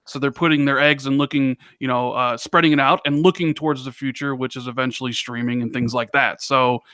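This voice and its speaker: A man's voice: medium pitch, fairly even intonation, brisk, bright, forceful tone, clear, resonant tone, dry recording, clean studio sound. A man on a casual gaming podcast panel, explaining his point step by step.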